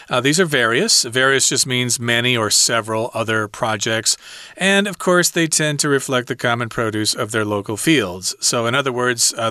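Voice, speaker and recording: Male English teacher, casual lesson, crisp bright tone, reads then explains. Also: mid-range voice, no echo. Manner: reads a text, then explains it in plain words. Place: lives in Taiwan.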